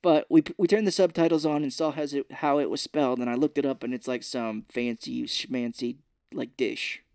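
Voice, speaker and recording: A man's voice: mid-range voice, steady tone, normal speed, creaky, a little mellow, no echo, studio quality. Man chatting casually on a movie podcast. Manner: retells scenes, acting out the lines in put-on voices. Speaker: podcast co-host.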